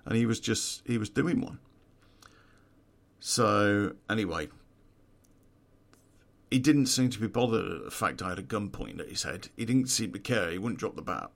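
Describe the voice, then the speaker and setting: Low gravelly man telling a story. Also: expressive, normal speed, long pauses, a bit bright. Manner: profane, laughing at his own story. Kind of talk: casual true-crime storytelling.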